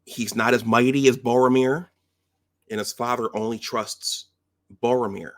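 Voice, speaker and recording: A man's voice: medium pitch, fairly even intonation, normal speed, a bit bright. A man casually retelling film scenes as a commentator, in a conversational way that often restarts and checks in with the listener.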